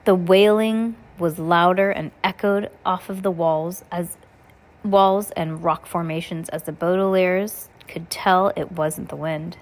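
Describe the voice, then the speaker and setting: A woman reading a children's novel aloud in a plain, unhurried way, with occasional stumbles. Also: lowish voice, fairly even intonation. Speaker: reader.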